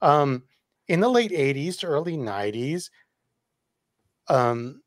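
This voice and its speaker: A podcast co-host rambling through casual chat with an animated, swinging pitch and frequent laughter. The sound is close and dry, with no room echo. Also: slow. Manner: rambling, laughs often, lively.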